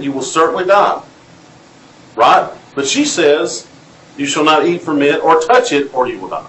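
A man with a high-pitched, fairly bright voice and a Southern US accent serves as pastor, giving an interactive sermon where he reads scripture and questions the congregation. It's recorded in an echoey church sanctuary with slight background noise.

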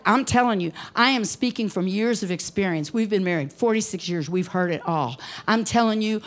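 A woman in her sixties preaching an evening sermon in a folksy, emphatic way, acting out the voices she quotes. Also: mid-range voice.

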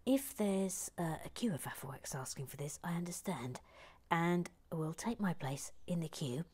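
Woman host, unhurried live-build chat, dry humour, soft murmured asides. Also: on the low side, lively intonation, breathy edge. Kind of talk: relaxed live building stream with chat reading.

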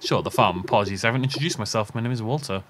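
A man's voice: lowish voice, rapid-fire, background noise, lightly acted. A man reading the lines of a showy, jokey middle-aged townsman in a farming game. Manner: reading dialogue boxes aloud.

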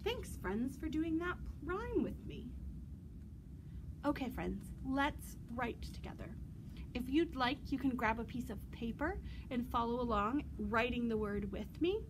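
High, slow-talking children's librarian woman. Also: noisy background. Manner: slow, singsong and animated, with loud playful roars. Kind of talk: virtual storytime for children.

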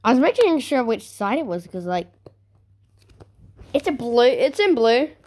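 A woman's voice: fairly high pitch, big pitch swings, unhurried, a little mellow. A woman unboxing a new phone for her vlog, talking casually with sarcastic, grumbling asides. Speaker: vlogger.

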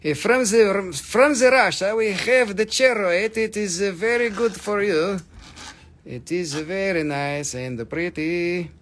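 Excited man selling minerals live. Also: sits high, unhurried. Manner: animated, reads chat comments aloud, bursts into excited shouts. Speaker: live-stream mineral seller. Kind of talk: live-stream sales chat.

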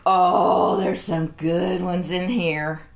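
A woman's voice: fairly low pitch, little pitch movement, creaky. Chatty woman unboxing toys. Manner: chatty, cooing over toys, slow drawl. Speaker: toy collector vlogger. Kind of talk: casual chat while unboxing toys.

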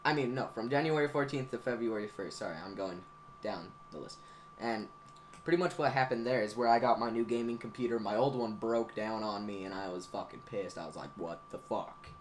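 A man's voice: medium pitch, slight background noise. Rambling, foul-mouthed teenage gamer guy. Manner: rambling, profane, excitable storytelling. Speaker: gaming YouTuber. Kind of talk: casual anniversary vlog monologue.

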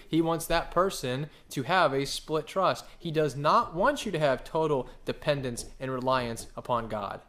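A man preaching a sermon, animated and full of questions he answers himself, sometimes acting out voices. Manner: animated, acts out quoted voices with big pitch jumps; asks the congregation questions and answers them. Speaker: pastor.

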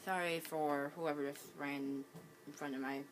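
A woman's voice: low-pitched, steady tone, unhurried, noisy background. A woman with the hiccups giving casual gameplay commentary at home, hesitant, with many ums and restarts. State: has the hiccups. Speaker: gaming channel host.

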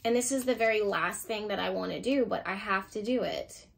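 A woman giving an intuitive pick-a-card tarot reading, speaking emotionally and thinking aloud as she turns cards, with sudden bursts of excitement. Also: medium pitch, fairly quick, gravelly.

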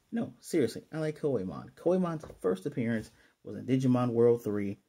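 A man casually reviewing an anime episode on his own channel, rambling enthusiastically and quoting characters in quick asides. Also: lowish voice, mellow. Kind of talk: casual solo video review.

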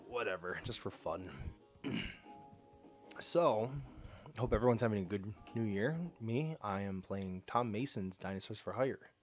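A young man hosting a casual let's-play, sarcastic and excitable, slightly ill and clearing his throat. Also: lowish voice. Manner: sarcastic, reacting excitedly to gameplay. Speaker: gaming channel host. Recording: faint game music behind.

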